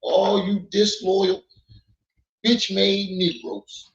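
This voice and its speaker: A man's voice: high voice, monotone, very slow, gravelly. A man hosting a livestream, blunt and scolding, repeating himself and thanking donors. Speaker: livestream host. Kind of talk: livestream commentary. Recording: echoey, dull lo-fi sound.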